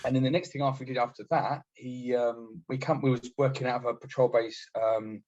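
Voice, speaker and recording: A British army veteran telling war stories in a casual, blunt and sweary way, acting out what others said. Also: male voice, medium pitch, steady tone, brisk, darkish tone. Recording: dull lo-fi podcast audio.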